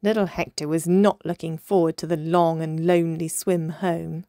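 A woman reading a children's picture book aloud in an expressive, measured way. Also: low voice, dry recording, studio quality. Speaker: storyteller.

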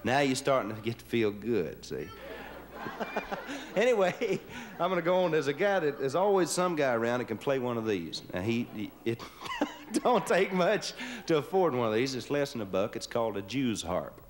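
A man's voice: mid-range voice, very animated, moderate pace. Folksy joking man with a live crowd. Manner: joking, down-home, leads crowd in chants. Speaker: host. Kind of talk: folksy stage patter with audience. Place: TV studio stage with live audience. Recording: noisy 1970s live TV broadcast. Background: studio audience laughing.

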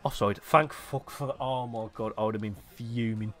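A young man giving excitable live commentary on his own football video game match, dropping to low mutters between sudden loud outbursts. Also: normal speed, faint music behind. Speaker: gaming YouTuber.

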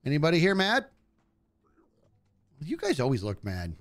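As he streams a video game live, a man with a slightly high voice chats at a moderate pace. The gaming streamer is lively and jokey, cracking wisecracks at the enemies he faces.

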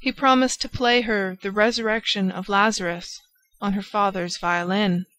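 A woman's voice: mid-range voice, steady tone, normal speed, a bit bright, natural voice. A woman voicing a cheerful, affectionate old lady in an audiobook, speaking gaily and fondly. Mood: confiding. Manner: gay, affectionate, chiding. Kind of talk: audiobook character voice.

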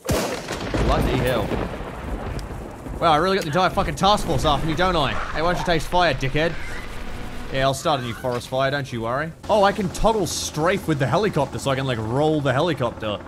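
A man from Australia with an Australian accent, giving casual gameplay commentary at home, excitable and sweary with rambling asides. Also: mid-range voice, slight background noise. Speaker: gaming video host.

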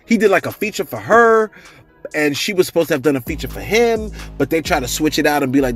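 This gossip-channel host speaks very fast in a mid-range voice over soft background music. He's an animated storyteller who laughs often and performs the quotes in his casual commentary about celebrities.

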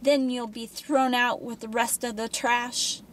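A woman's voice: a little high, little pitch movement, measured pace, a bit bright, a little hiss or hum, pitched above the performer's own voice. A woman voicing a teenage girl in pain, her voice strained as she pleads and pushes back. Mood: defiant. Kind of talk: audiobook character voice.

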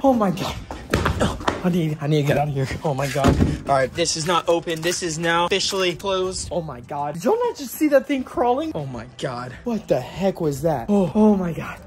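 A young man vlogging in a panicky, breathless way, often dropping to a hushed whisper. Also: a little high, a little fast. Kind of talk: staged prank vlog. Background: background music.

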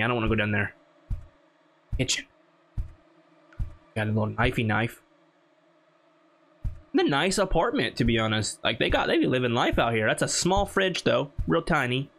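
A man playing a horror game and commenting as he goes, talking to himself and jumping to high squeals when scared. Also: animated, moderate pace, long pauses, fairly bright tone. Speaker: gaming YouTuber.

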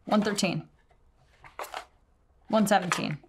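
A woman's voice: mid-range voice, slow pace, noisy background. Chatty woman at a board game table. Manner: chatty, joking, counts numbers aloud. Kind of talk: casual tabletop game chat.

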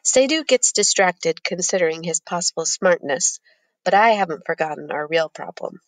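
Low, dry-voiced woman reading a novel. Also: animated, moderate pace, no echo. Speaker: audiobook narrator. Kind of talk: first-person novel narration.

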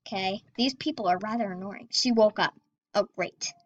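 A young woman chatting excitedly and giggling as she comments on her gameplay. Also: mid-range voice, normal speed, lo-fi sound. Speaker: gaming video host.

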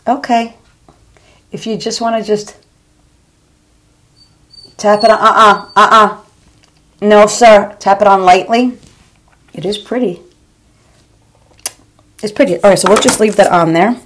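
A woman's voice: medium pitch, fairly even intonation, measured pace, long pauses. A woman in her forties or fifties, a beauty vlogger in a casual makeup review at home, chatty and calling her viewers "girl", with stammering repeats. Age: 40s or 50s. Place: home room.

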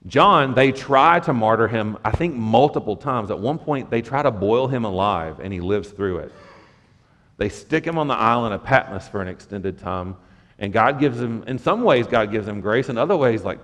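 A male pastor preaches in a chatty, lively way, tossing asides to his congregation. His voice sits at a middle pitch. The sound trails off in the long reverb of a church sanctuary. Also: normal speed. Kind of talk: sermon.

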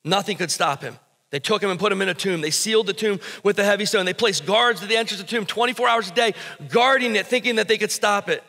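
A pastor with a high, gravelly, sharp-toned voice talks fast as he preaches to his congregation in a church sanctuary, where a long reverb tail trails his words. He starts conversationally, asking the people questions, then rises into emphatic, urgent bursts.

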